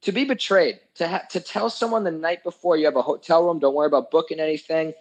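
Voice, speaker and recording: A man's voice: a little high, steady tone, fast talker, slightly rough, poor audio. A young man telling a story in casual chat, ranting heatedly and swearing a lot.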